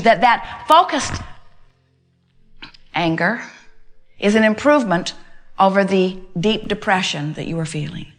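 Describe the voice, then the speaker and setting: Addressing a live crowd as an inspirational speaker, a woman with a somewhat high, slightly bright voice talks emphatically in terms of "we." She repeats her points and lays out long lists of steps.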